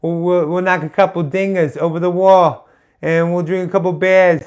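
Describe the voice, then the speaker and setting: A man's voice: high-pitched, steady tone, normal speed, smooth, close to an everyday voice. A man putting on a clumsy Boston accent to play a brash beer-drinking guy. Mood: cocky. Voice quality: loud, clumsy impression.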